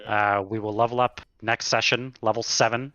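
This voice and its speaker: A man narrating a tabletop horror campaign as game master, slow and dramatic with pauses. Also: lowish voice, fairly even intonation, pushed and bright, lo-fi sound.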